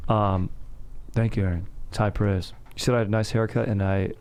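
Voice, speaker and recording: A man's voice: lowish voice, steady tone, fairly quick, a little mellow. A man hosting a casual sports podcast, rambling and joking, often breaking into laughter. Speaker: podcast host.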